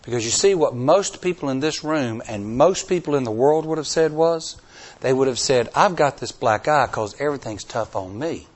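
A male pastor preaches an animated, folksy sermon, repeating lines for emphasis. He swings dramatically from hushed, slow passages to loud, high-pitched pleas that come near to shouting.

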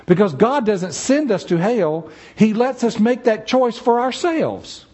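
He delivers a church sermon with a high-pitched voice at a slightly slow pace. He's animated and voices the people he quotes.

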